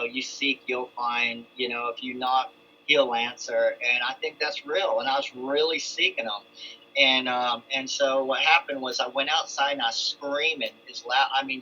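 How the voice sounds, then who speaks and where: A man's voice: mid-range voice, sharp tone, slight background noise. A middle-aged man telling his own testimony in a loose, rambling way, full of restarts and asides. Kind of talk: casual storytelling testimony. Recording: dull lo-fi sound with faint ambience.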